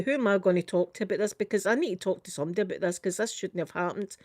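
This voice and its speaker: An older woman with a Scottish accent tells a story in a casual chat. She is animated and keeps saying "I says" as she retells a conversation. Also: mid-range voice, rapid-fire, hardly any pauses, dry recording, studio quality. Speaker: vlogger.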